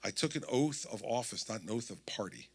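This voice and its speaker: A man's voice: lowish voice, expressive, a little fast, breathy edge. A man in his sixties with a New Jersey accent, telling a story at a campaign town hall and acting out the dialogue. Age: 60s. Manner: storytelling, acts out quoted dialogue. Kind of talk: anecdotal campaign speech.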